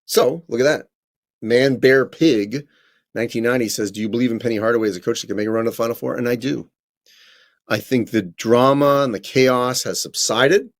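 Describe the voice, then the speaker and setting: A man's voice: medium pitch, fairly quick. Chatty man answering viewer questions. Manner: conversational, self-correcting, many ums. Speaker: college basketball correspondent. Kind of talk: live-stream Q&A answering chat questions.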